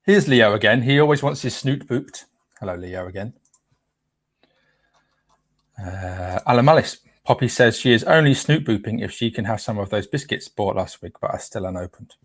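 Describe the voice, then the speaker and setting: A man's voice: on the low side, expressive, normal speed, no echo. A man hosts a casual live stream, chatting playfully and tripping over names as he reads them out.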